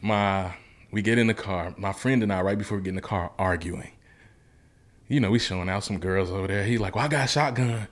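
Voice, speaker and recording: Speaking fairly quickly in a low, steady tone, this man from Memphis, Tennessee is a guest in an interview. His personal story comes out earnest and vivid, told in a relaxed, colloquial manner.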